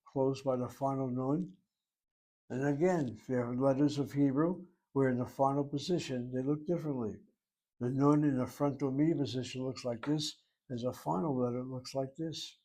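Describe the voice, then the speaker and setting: A man's voice: medium pitch, fairly even intonation, moderate pace, warm tone. A man teaching a Hebrew grammar lesson, working through each word step by step and reasoning aloud as he goes. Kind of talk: grammar lecture.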